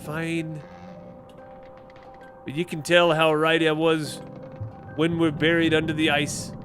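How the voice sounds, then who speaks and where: A man voicing a gruff, opinionated ship engineer in a video game, with a weak attempt at an English accent. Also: a little high, monotone, slow pace, a bit bright, faint music behind. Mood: indignant.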